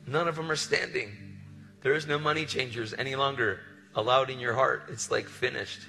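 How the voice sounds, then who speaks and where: A man preaches with fervent conviction, swinging from loud declarations to hushed, tender storytelling. His voice is bright and forceful at middle pitch. It rings through a large hall with a long reverb. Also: brisk, gravelly, faint music behind. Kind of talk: sermon. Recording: live sermon in reverberant hall.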